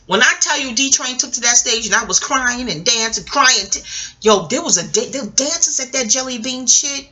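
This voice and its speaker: New york lady vlogging, animated, swears a lot, bright high voice, keeps saying y'all. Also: moderate pace. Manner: animated, profane, digressive, addresses viewers as y'all. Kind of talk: casual storytelling monologue.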